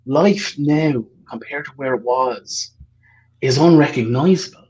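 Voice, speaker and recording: A man's voice: mid-range voice, a little slow, darkish tone, highs cut off. A man speaking as a podcast guest in casual, emotional chat, candid and jokey and swearing freely over a remote call mic.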